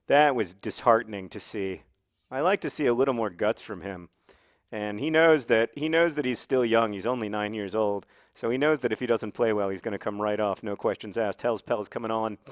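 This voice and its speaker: A man casually commenting on his football video game in a rambling, jokey way, breaking into excited shouts. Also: mid-range voice. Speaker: gaming video host.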